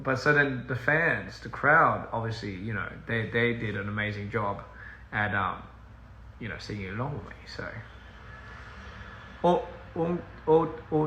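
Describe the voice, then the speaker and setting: In a casual phone livestream from a house, a touring musician with a sharp, mid-range voice talks at normal speed. He rambles, gets sidetracked and laughs often, and the audio has a roomy echo and faint hiss.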